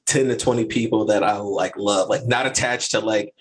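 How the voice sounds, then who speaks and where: A man's voice: fairly low pitch, fairly even intonation, moderate pace, poor audio. A man hosting a podcast in casual chat, talking in a slangy, laid-back way. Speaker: podcast host.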